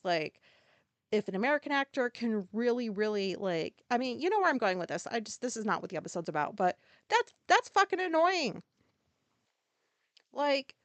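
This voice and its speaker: A woman with a fairly high voice talks alone on her podcast, wandering from point to point and stacking up filler words. She is blunt and swears freely. The sound is close and dry, with no room around it. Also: dry recording. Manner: rambling, blunt and profane; casual, lots of filler words. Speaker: podcast host. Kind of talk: solo podcast monologue.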